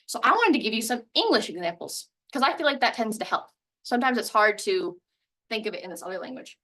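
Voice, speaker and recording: A woman gives a recorded language lesson in a clear, explanatory way, working through examples one at a time. Her voice is bright and a little high. She sits a bit back from the microphone. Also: sing-song, quick pace, recorded from a distance, poor audio. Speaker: language teacher.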